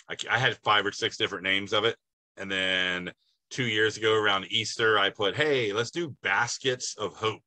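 A man with a low voice and a forceful, punchy edge, appearing as a podcast guest. He tells his stories in an animated way, and the recording is dry and close to the mic. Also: dry recording, poor audio. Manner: animated storyteller. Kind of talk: casual podcast chat.

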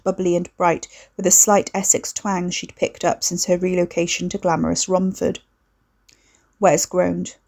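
Woman reading a novel out loud, calm and even. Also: lowish voice, moderate pace, vocal fry. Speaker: audiobook narrator. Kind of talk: scripted narration.

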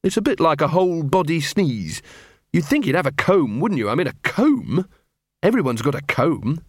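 A man voicing a brisk, practical young woman who is a werewolf. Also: on the high side, sing-song, husky, no echo, clean studio sound, pitched above the performer's own voice.

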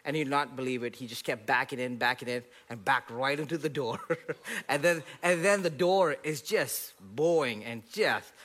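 A man preaching a sermon, animated, laughing at his own stories, rising loud when quoting scripture and dropping soft for asides. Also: normal speed. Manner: rises loud and high when quoting scripture, drops soft for inner dialogue. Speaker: pastor.

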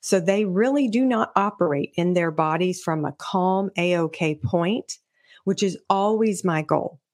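A woman's voice: fairly low pitch, measured pace, a little mellow. A middle-aged woman hosting a podcast, explaining child behavior to parents in an earnest, teaching way, sometimes acting out a parent's or a child's words. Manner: earnest, explanatory, acts out parents' and kids' voices. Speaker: podcast host, children's sensory specialist. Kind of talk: solo podcast talk.

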